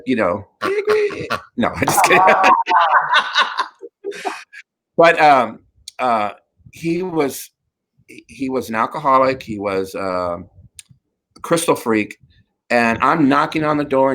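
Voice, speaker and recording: A middle-aged male talk show host with a mid-range voice tells stories in a casual chat, unhurried and pausing often. He's a campy raconteur, laughing and animated as he spins his tales.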